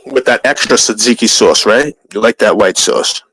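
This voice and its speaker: A man's voice: fairly low pitch, moderate pace, fairly bright tone, breathy edge, no echo, low-quality recording. A man with a New York accent hosting a livestream, rambling in crude, profane casual chat. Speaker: livestream host.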